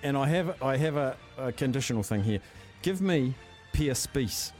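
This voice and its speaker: Enthusiastic New radio host. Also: male voice, medium pitch, expressive, moderate pace, a little mellow, soft background music. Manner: enthusiastic storyteller. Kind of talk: casual sports radio banter.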